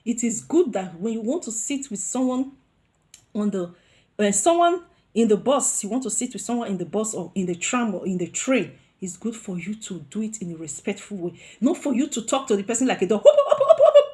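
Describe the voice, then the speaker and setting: A woman from Africa vlogging, telling a personal story with lively, expressive delivery and acted-out quoted voices. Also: mid-range voice, a little fast. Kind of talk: storytime vlog.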